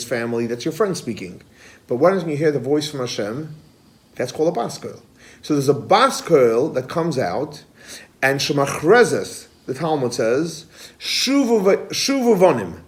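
A man teaching a Torah lesson as a rabbi, lively, who asks his listeners questions and then answers them himself. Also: medium pitch. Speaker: rabbi teaching a Kabbalah class.

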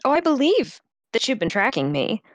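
A woman's voice: high-pitched, big pitch swings, normal speed, dry recording. A woman playing a tabletop role-playing game, bantering wryly and suspiciously in character. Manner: wry, suspicious banter with laughs. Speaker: player.

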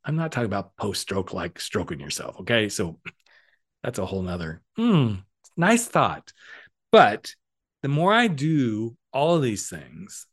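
A man's voice: fairly low pitch, sing-song, unhurried. A middle-aged man hosting a podcast, giving a casual motivational monologue with playful, cheeky asides. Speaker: podcast host and coach.

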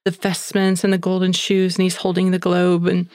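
A woman's voice: lowish voice, monotone, normal speed, darkish tone, no room sound, studio quality. A woman hosting a podcast who retells a story in a chatty, breathless way, with fillers like "like" and "you know". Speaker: podcast host. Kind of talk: casual storytelling.

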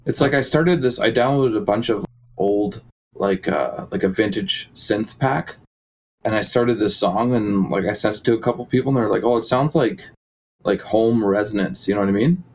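A man's voice: lowish voice, normal speed, slight background noise, rough recording. A man talking casually as a musician guest in an interview, rambling with many fillers and restarts. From Canada.

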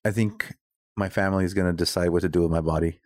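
A man's voice: sits low, steady tone, quick pace, dry recording, clean studio sound. A man from Los Angeles, an artist co-hosting a podcast, talking in a laid-back, self-mocking way and laughing easily. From Los Angeles, USA. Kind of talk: casual podcast chat.

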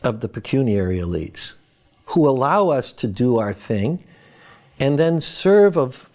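A man from Boston, an academic guest, giving reflective interview answers in a measured, thoughtful way with pauses. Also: medium pitch, a little mellow.

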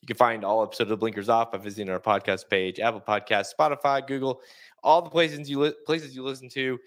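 A man's voice: medium pitch, fairly even intonation, quick pace, fairly bright tone. A man hosting a casual podcast, laid-back and often restarting his sentences. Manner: laid-back, repeats words as he starts sentences. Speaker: podcast host. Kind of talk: casual chat.

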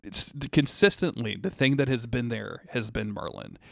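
A man's voice: mid-range voice, expressive, normal speed, creaky, fairly bright tone, no echo, studio quality. A man co-hosting a casual podcast, laid-back and recapping an episode. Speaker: podcast co-host.

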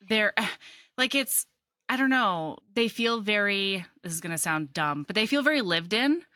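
A woman co-hosting a podcast, chatting casually about a book with lively enthusiasm. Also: mid-range voice, unhurried, dry recording, studio quality. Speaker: podcast co-host. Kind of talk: casual chat.

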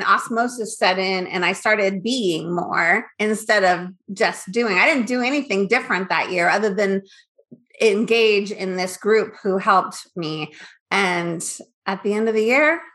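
A woman in her fifties, a business owner from Northern California, telling her story in a candid, animated interview chat. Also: medium pitch, normal speed. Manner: candid and animated, acts out her past thoughts.

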